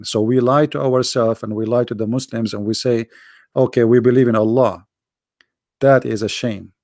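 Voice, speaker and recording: Gravelly, blunt man, dry sound. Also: mid-range voice, darkish tone, dry recording. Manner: blunt, scornful, repeats himself. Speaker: livestream host. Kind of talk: combative religious talk.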